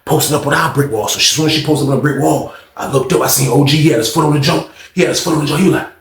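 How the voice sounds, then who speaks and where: A man telling a story in a casual, slangy way, animated and often laughing. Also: a little high, racing. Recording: roomy echo.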